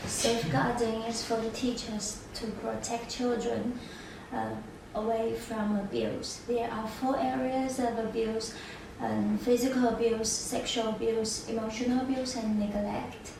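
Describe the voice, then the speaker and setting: A woman trainee giving a steady, recited answer to a training question. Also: a little high, measured pace, creaky, few pauses. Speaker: nursery staff trainee. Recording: noisy echoey room from far off.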